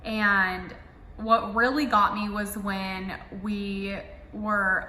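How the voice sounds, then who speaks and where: A woman's voice: medium pitch, steady tone, slow, pushed and bright, echoey room, long reverb tail, slight background noise, poor audio. Casual young woman telling her story. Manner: casual, emotional, heavy filler "like". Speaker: vlogger. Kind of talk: personal storytelling.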